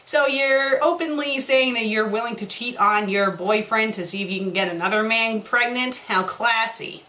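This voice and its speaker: Casting: a bright-voiced woman critic reading fanfiction aloud, sarcastic and exasperated. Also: on the high side, animated, moderate pace, hardly any pauses, slight background noise.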